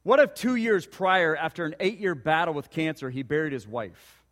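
A man's voice: a little high, normal speed, a bit bright, long reverb tail. A man preaching a sermon, telling a personal story and asking earnest rhetorical questions. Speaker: pastor.

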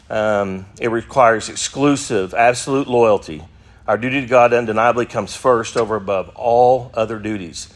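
Man teaching adult Sunday school. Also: medium pitch. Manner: conversational, with frequent fillers and restarts. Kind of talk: classroom Bible teaching.

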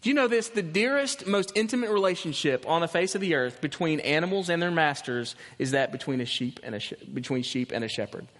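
Male pastor, sermon, high voice, animated delivery, long church reverb. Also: a little fast, hardly any pauses. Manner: animated storytelling with restarts.

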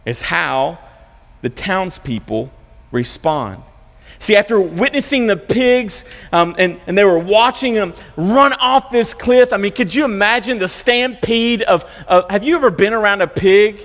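A man's voice: high voice, animated, unhurried, fairly bright tone, big-room sound. A man preaching a sermon as a pastor, telling a story in a loose, conversational way and often restarting and repeating words.

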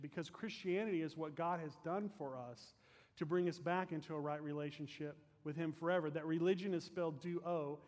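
Earnest pastor in a reverberant hall. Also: male voice, fairly high pitch, moderate pace. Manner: earnest, fervent, drops soft at phrase ends. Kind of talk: storytelling sermon closing in prayer.

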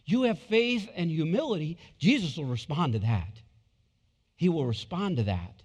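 A man's voice: fairly high pitch, very animated, moderate pace, darkish tone, husky. A man preaching a sermon as pastor, emphatic and repeating his points, acting out quotes from scripture. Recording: long hall reverb.

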